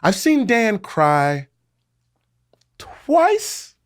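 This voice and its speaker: A man's voice: mid-range voice, sing-song, normal speed, no room sound, clean studio sound. A man co-hosting a podcast, chatting casually and animatedly, often laughing as he asks questions. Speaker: podcast co-host.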